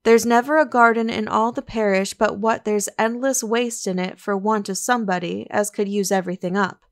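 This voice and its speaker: A woman's voice: medium pitch, fairly even intonation, normal speed, close to an everyday voice. A woman voicing an eager, obliging young male gardener with earnest rustic dialect talk in an audiobook reading.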